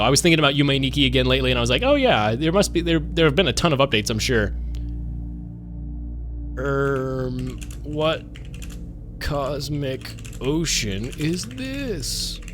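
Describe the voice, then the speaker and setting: A man's voice: medium pitch, a bit bright. A young man streaming games, rambling and joking casually as he talks to his chat. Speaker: game streamer.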